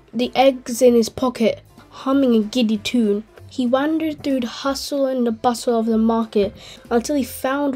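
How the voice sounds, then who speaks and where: A woman hosting a channel and reading a children's story aloud in a gentle, clear way. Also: on the high side. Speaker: host and storyteller.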